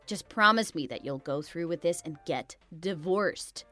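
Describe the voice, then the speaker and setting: A woman's voice: lowish voice, measured pace, pushed and bright, soft background music, voice pushed down. A woman's text-to-speech voice playing a blunt, pushy friend who urges her to leave. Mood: blunt, urging. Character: blunt, protective female friend.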